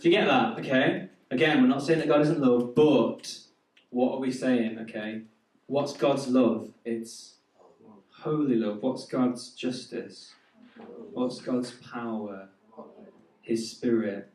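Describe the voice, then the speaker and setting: A man's voice: medium pitch, steady tone, takes it slowly, darkish tone. A man preaching a sermon to a youth group, chatty and quizzing the audience. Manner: chatty, asks the audience questions. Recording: echoey hall from far off.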